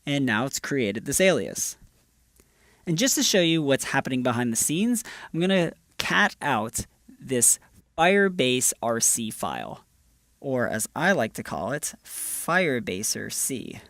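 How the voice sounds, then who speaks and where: A man's voice: medium pitch, sing-song, measured pace, fairly bright tone, no room sound, studio quality. A man presenting a screencast tutorial, walking through each step in an upbeat, casual way. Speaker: developer advocate presenting a tutorial.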